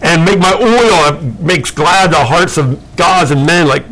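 Guy doing a huffy olive tree, scoffing, kinda high voice. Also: a little slow, fairly bright tone, poor audio. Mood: scornful. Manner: scoffing, dismissive. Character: indignant olive tree in a fable.

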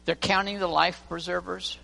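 A man's voice: high-pitched, flat delivery, moderate pace, creaky, pushed and bright. A man preaching a sermon in a church, telling stories and acting out the voices of the people in them. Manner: storytelling preacher, acts out voices. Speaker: pastor. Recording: long reverb of a church hall, faint music.

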